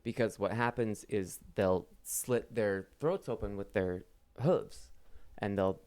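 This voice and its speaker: A man's voice: lowish voice, takes it slowly, a little mellow, smooth. A man in his thirties telling family stories on a podcast in a profane, laid-back way. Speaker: podcast co-host. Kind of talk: casual storytelling chat.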